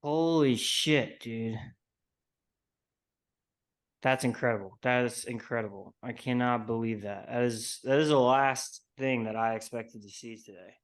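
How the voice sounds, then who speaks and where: A man's voice: medium pitch, steady tone, moderate pace, hardly any pauses. Laid-back young man, "bro" talk. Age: young adult. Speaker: podcast co-host. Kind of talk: casual sports chat.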